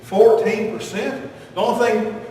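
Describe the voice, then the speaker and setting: A man's voice: sits high, fairly even intonation, unhurried, mellow. A man preaching a folksy, joking sermon full of homespun sayings. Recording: echoey hall, distant mic.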